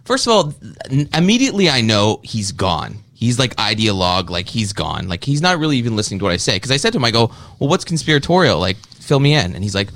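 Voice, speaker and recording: A man's voice: mid-range voice, fast, no room sound. A man from Canada, a podcaster and comedian, telling a story in a rambling way in casual podcast talk. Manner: rambling, animated storytelling with mocking quoted voices. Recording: played clip from another podcast.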